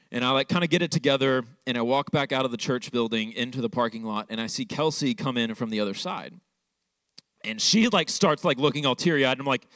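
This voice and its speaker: A man's voice: fairly low pitch, a bit bright, no echo. A young man preaching a sermon, telling a personal story in a loose, conversational way, full of "like". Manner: conversational, fillers like "like". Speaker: pastor.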